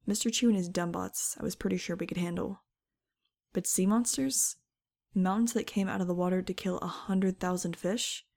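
Gravelly-voiced woman narrating an audiobook. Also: lowish voice, fairly even intonation, normal speed, a little mellow. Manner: wry, conversational. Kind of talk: first-person scripted narration.

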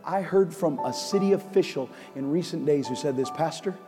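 A man preaching from a church stage, his voice sitting high for a man. He swings from urgent, near-shouted lines down to quiet, hushed ones. Long hall reverb trails each phrase, with music playing under him. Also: moderate pace. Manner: impassioned preaching, rising to near shouts then dropping low. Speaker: pastor. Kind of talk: sermon. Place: large church auditorium.

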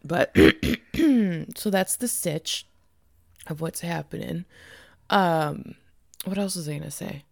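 A woman chatting on a podcast right after waking, her voice low with a gravelly fry. She rambles and giggles, swearing casually. The sound is close and dry. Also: expressive, slow, long pauses, no echo. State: just woken up, morning voice. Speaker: podcast co-host. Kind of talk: casual chat.

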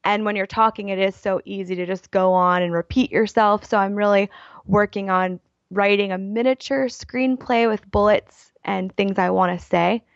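Woman podcast guest, chatty and self-deprecating, gravelly voice, dull lo-fi sound. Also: medium pitch, fairly even intonation, normal speed, no echo. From Baltimore area. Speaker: podcast guest, writer and YouTuber. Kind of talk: casual interview chat.

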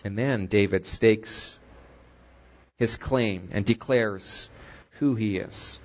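A man's voice: on the low side, takes it slowly, long pauses. Earnest man preaching a sermon. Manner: earnest, retells scripture with acted quotes.

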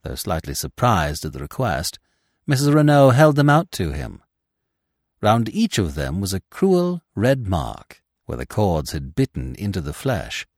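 A man narrates a classic mystery in a deep, low voice with lively, expressive swings of pitch. His storytelling is measured and deliberate. The recording is close and completely dry. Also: no room sound.

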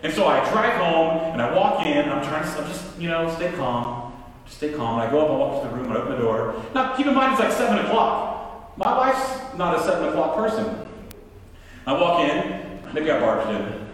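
A man in his forties delivering a storytelling sermon, raising his voice to act out his anger and dropping it to share what he learned. His voice sits fairly high and swings widely in pitch. He is recorded from a distance in a large hall with long, roomy reverb. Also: moderate pace. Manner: animated, acts out his own anger in quoted lines. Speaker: pastor.

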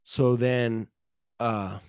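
A man's voice: mid-range voice, steady tone, drawn-out words, darkish tone, clean tone, dry recording, studio quality. Laid-back man retelling a film. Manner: rambling retelling with acted-out quotes and swearing. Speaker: podcast co-host. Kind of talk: casual movie-discussion chat.

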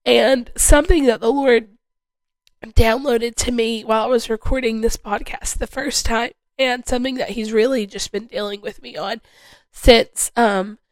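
A woman's voice: a little high, dry recording, low-quality recording. A woman hosting a podcast, sharing a heartfelt personal faith testimony in an earnest way and repeating phrases for emphasis. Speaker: podcast host.

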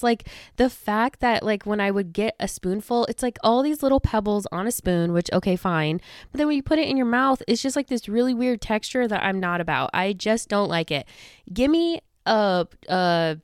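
A woman's voice: medium pitch, lively intonation, a little fast, smooth, no room sound. A young woman hosting a podcast in casual chat. She rambles with lots of fillers and restarts and sounds a little out of breath, close to the microphone. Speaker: podcast host. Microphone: studio microphone close to the face.

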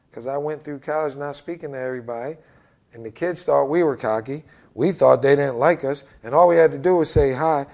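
A man in his forties, a basketball head coach, telling stories in an interview and acting out what people say with big jumps in his voice. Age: 40s. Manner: animated, acts out quotes with big pitch jumps. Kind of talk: energetic interview storytelling.

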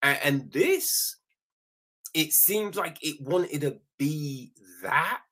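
A man giving a casual spoken film critique, animated, often tossing in "right?" and acting out quick quoted lines, with some swearing. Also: fairly high pitch, slightly rough. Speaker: film reviewer.

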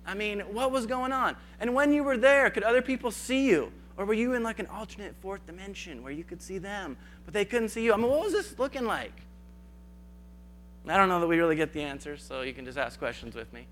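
A man's voice: high voice, animated, fairly quick, fairly bright tone. A man giving a conversational sermon, acting out biblical dialogue in casual asides. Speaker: preacher.

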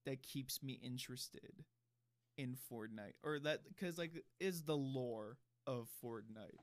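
A man's voice: medium pitch, slow, dry recording. Rambling man podcaster, dry sound. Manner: rambling, filler-heavy storytelling. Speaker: podcast co-host. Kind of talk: casual chat.

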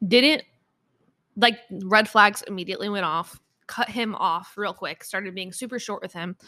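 Young woman podcast host, mid-pitched, chatty and casual, laughs a lot, dry close sound. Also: pushed and bright, no echo. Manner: chatty, laughs often, lots of "like". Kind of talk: casual solo podcast storytelling.

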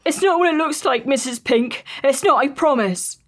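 A woman plays a frightened young housemaid in an audio drama. Her voice sits high and she pleads anxiously, earnest in every line. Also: moderate pace, close to an everyday voice.

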